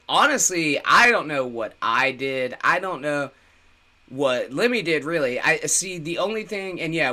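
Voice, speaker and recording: Bright-voiced blunt man, swearing. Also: fairly high pitch. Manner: blunt, swears a lot, animated storytelling. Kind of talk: casual profane chat.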